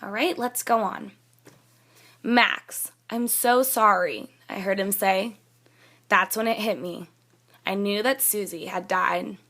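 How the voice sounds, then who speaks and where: A woman's voice: mid-range voice, takes it slowly, fairly bright tone. A young woman teacher reading a student's story aloud and patiently explaining her editing marks in a classroom demonstration. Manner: reads a student's text aloud, then comments plainly and patiently.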